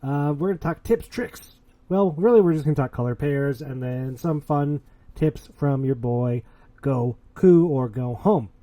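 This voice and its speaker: A man's voice: on the high side, normal speed, warm tone. A man hosting a casual podcast, talking in a boastful, hyped-up, playful way. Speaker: podcast host.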